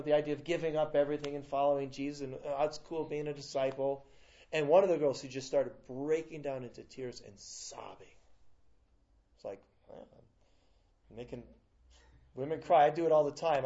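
A man's voice: a little high, a little fast, dull audio. Man preaching with restless, swinging delivery. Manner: storytelling with frequent restarts and a wide swing in loudness. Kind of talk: sermon.

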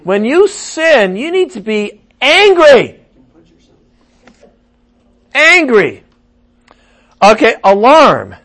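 A man preaching a sermon, animated, swinging from loud emphasis to muttered asides. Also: very high-pitched, extremely slow, pauses often.

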